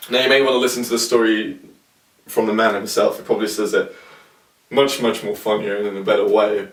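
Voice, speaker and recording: A young man casually reflecting to camera, rambling and searching for words. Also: lowish voice. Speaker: vlogger. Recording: roomy sound from a distant mic.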